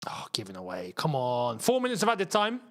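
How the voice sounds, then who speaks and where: A young man hosting a live football watchalong, chatting casually and shouting at near misses. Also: mid-range voice, a little fast. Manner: excitable, shouts at chances, chatty slang. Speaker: football channel host. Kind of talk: live match watchalong commentary.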